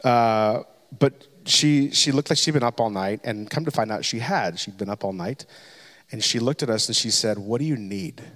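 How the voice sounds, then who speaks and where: A man's voice: mid-range voice, normal speed, fairly bright tone. A man, a pastor in his thirties, telling a candid, self-deprecating personal story as a sermon, with frequent restarts. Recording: long hall reverb.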